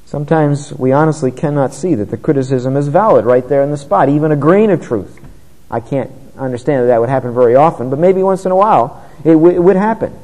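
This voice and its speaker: Male preacher, sermon delivery, mellow tone, slightly raised pitch. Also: fairly quick, big-room sound, rough recording. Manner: earnest, conversational preaching with rising emphasis.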